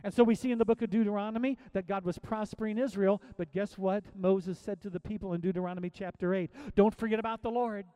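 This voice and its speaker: A middle-aged man preaching as a pastor, swinging between soft pleading and loud emphatic exhortation with many repeated phrases. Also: sits high, fairly even intonation, quick pace, hardly any pauses, clean tone, no echo. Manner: preaching with rising and falling intensity, repetitive exhortations. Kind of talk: sermon.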